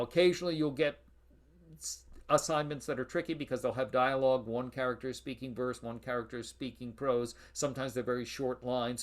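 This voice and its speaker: Guy lecturing on poetry meter, tapping out da-da rhythms, mid pitch. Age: adult, past high school. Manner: explanatory, chanting stress patterns aloud. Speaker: university lecturer. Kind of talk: classroom lecture.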